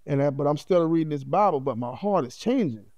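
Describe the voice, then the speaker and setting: A man's voice: fairly high pitch, animated, fairly quick, a little mellow, no room sound. A middle-aged man, a podcast guest, telling his life story in a heartfelt, conversational way that is peppered with "you know what I'm saying.".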